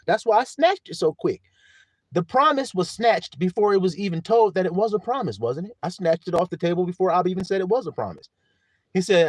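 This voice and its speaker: A man riffing on a live stream, loose and profane, jumping between jokes and stories. His voice rides fairly high and swings widely in pitch. The sound is dry and close. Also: brisk, no room sound. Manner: animated, profane, joking storytelling. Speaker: livestream host. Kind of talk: casual livestream monologue.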